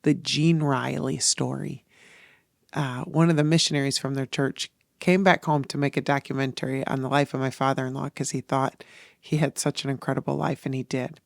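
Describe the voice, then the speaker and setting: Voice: medium pitch, fairly even intonation, normal speed, creaky, no echo, clean studio sound. A podcast host speaking in a personal, reflective monologue, earnest and emotional, rambling through thoughts with restarts.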